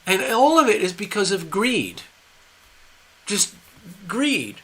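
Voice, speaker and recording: A man's voice: high-pitched, wildly swooping pitch, takes it slowly, fairly bright tone, husky. An older man hosting a live stream, giving opinionated, rambling commentary with frequent restarts. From USA. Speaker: host.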